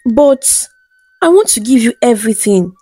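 A woman's voice: a little high, animated, normal speed, dark tone, husky, no echo, faint music behind. A woman reading the lines of a childless young wife in a folktale, pleading and earnest.

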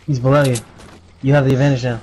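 A man's voice: medium pitch, level tone, quick pace, heavy background noise. A man teammate calling out enemy positions and coaching urgently during a match. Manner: urgent, coaching, repeating callouts. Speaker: teammate giving callouts. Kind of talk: casual gaming callouts.

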